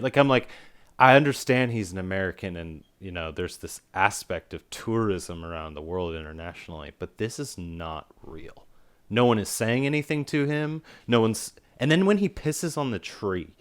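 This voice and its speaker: Low-voiced rambling podcast guy. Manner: rambling, filler-heavy, animated when making a point. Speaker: podcast co-host reviewing a film. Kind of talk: casual film review chat.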